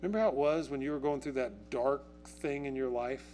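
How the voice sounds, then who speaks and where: Conversational pastor with soft guitar behind. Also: male voice, mid-range voice, fairly quick. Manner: conversational, asks the congregation questions; acts out quotes in a raised, excited voice. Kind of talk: sermon. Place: church.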